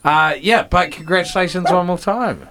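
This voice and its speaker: A man's voice: sits high, normal speed, pushed and bright, a little hiss or hum. A man hosting a casual radio interview, hesitant, with frequent ums and restarts. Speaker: radio host.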